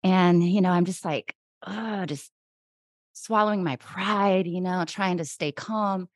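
A woman in her forties hosting a podcast, telling a lively story in casual chat and acting out her own past thoughts. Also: on the low side, measured pace, no echo, studio quality. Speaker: podcast host.

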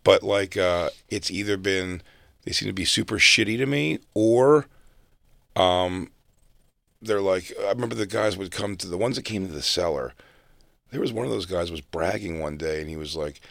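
A man's voice: low voice, moderate pace, creaky, a bit bright, no echo, studio quality. A man rambling through casual stories in a laid-back way. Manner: rambling and laid-back, full of fillers and restarts. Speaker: comedian podcast guest. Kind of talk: casual storytelling chat.

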